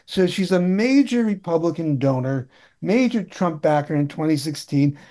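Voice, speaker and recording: Wry, indignant man, fairly high voice. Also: animated, mellow. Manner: wry, indignant, halting with restarts. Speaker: political commentator. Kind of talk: casual political chat.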